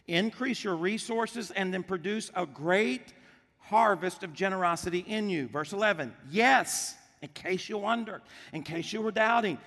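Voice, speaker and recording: A man's voice: sits high, bright, forceful tone, in a large hall. A man preaching a sermon as pastor, asking the congregation questions and answering them with emphasis. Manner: emphatic call-and-response preaching.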